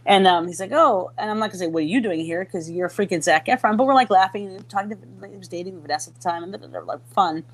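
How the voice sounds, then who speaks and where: A middle-aged woman from Minnesota telling a story in a casual chat, lively and often acting out the voices of people she quotes. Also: lowish voice, fast talker, few pauses. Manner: animated, acts out quoted voices, many restarts. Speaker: podcast guest.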